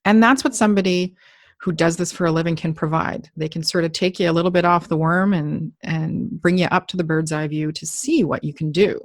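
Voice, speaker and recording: A middle-aged woman hosts a podcast in a loose, joking way and swears now and then. Her voice sits a touch low for a woman. The sound is dry and close, with no room in it. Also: steady tone, a little fast, dry recording. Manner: chatty, jokey, swears casually. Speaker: podcast host. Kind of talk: casual interview chat.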